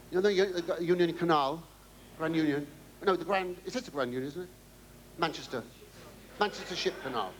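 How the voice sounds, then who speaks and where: A man's voice: fairly high pitch, fairly bright tone, a little hiss or hum. An older male comedian taking audience questions, rambling through stories with stammers and wry asides. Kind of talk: stand-up audience Q&A.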